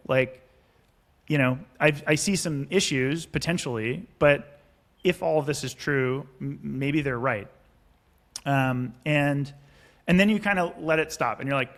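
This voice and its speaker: A man's voice: fairly high pitch, normal speed, fairly bright tone. A man, a startup founder, talking casually as a podcast guest, acting out investor and founder lines and swearing freely. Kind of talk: casual explanatory interview talk.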